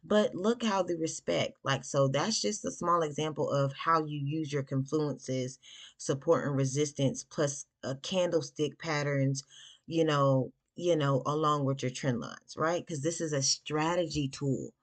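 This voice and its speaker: A young woman casually walking viewers through a trading chart, chatty and slangy, with sudden bursts of excitement. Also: deep voice, unhurried. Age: young adult. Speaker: forex trader teaching backtesting. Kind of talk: casual screen-share trading lesson.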